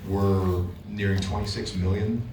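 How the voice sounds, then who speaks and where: Speaking as a guest on a convention panel, a man tells a story in a loose, animated way and keeps restarting his sentences. His voice is low and unhurried, sounding far from the mic in a large echoing hall with a faint hum of room noise.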